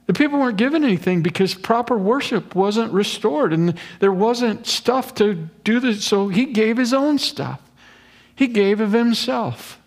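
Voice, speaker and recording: A man with a slightly high voice preaching a sermon. He talks in an earnest, conversational way and drops folksy asides between points. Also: lively intonation, measured pace, a little mellow. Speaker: pastor. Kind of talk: expository sermon.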